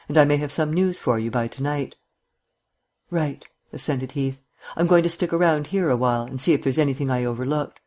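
A man narrating a detective novel in a measured, even reading voice, lightly voicing the characters. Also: mid-range voice. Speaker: audiobook narrator.

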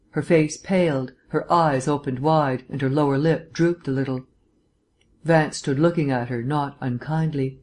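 An audiobook narrator reading scripted narration in a measured, even storytelling manner. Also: mid-range voice.

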